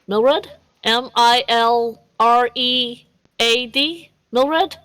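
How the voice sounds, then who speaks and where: Woman game master, chatty and giggly, slightly high voice, stumbles over words. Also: very slow, fairly bright tone, no echo, rough recording. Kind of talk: casual tabletop game narration.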